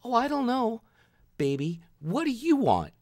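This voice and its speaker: A man voicing a lovey-dovey young woman on a date, in a high cooing voice. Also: sing-song, unhurried, darkish tone, heavily acted.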